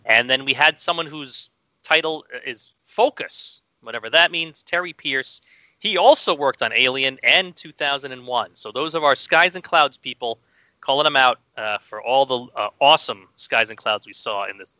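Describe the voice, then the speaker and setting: Very bright sharp-voiced guy reading movie credits, dull lo-fi mic. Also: mid-range voice, normal speed, dry recording. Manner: reads out film credits, chatty. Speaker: podcast co-host. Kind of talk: casual film discussion.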